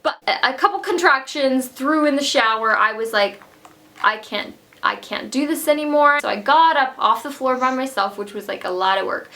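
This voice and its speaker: Bright-voiced chatty young woman. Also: high voice, lively intonation, brisk, hardly any pauses. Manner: chatty, many fillers like "like". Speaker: vlogger. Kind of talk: casual personal storytelling. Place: home room.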